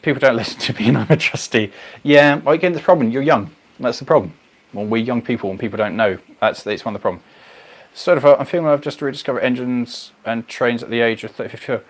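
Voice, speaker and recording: A man hosting a casual livestream, chatting to viewers in a rambling, animated way. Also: mid-range voice, fast talker. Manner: rambling, animated, goes off on tangents. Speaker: livestream host. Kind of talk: casual chat reading viewer comments.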